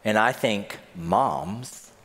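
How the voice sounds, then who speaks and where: A man's voice: on the low side, very slow, vocal fry, a bit bright, long reverb tail. A man preaching a sermon as senior pastor, telling the story with animation and acting out the scenes. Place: church sanctuary.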